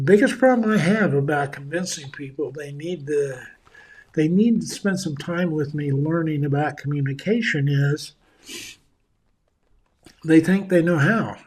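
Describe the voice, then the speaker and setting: A man's voice: fairly high pitch, darkish tone. A man giving a conversational leadership seminar in a folksy manner, acting out the voices of the people he quotes. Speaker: leadership speaker.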